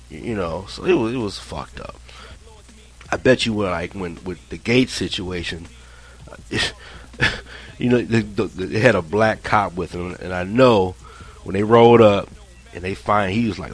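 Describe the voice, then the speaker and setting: A man's voice: sits low, normal speed. A man telling a personal story in a casual, rambling way, swearing often and restarting his sentences. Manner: profane, rambling, animated retelling with many restarts.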